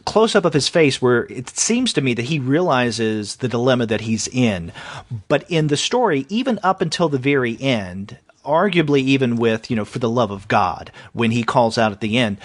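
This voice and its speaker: A man's voice: mid-range voice, dry recording. Analytical man on a dry-sounding podcast. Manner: analytical, measured, hesitant fillers. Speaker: podcast co-host. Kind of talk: casual comics review discussion.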